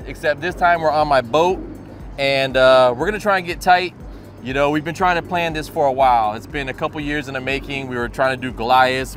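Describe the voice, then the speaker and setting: A man hosting his fishing vlog from a boat on a bay at night, relaxed and joking, swearing casually. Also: on the high side. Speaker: fishing channel host.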